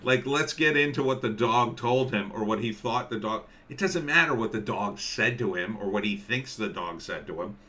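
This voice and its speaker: A man hosting a live stream, rambling in casual commentary and reading viewer comments aloud, with halting restarts. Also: fairly low pitch, expressive, sharp tone.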